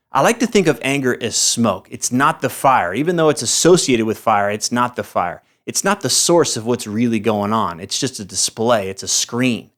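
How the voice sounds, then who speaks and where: A middle-aged man, a podcast host and coach, giving a direct, emphatic motivational talk to camera with some mild swearing. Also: mid-range voice.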